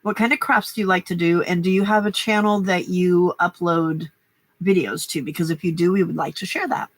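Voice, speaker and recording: A woman's voice: on the low side, steady tone, fairly quick, dry recording. An older woman hosting a late-night craft livestream, chatting casually with a stuffy nose, rambling and greeting viewers by name. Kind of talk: casual chat while crafting.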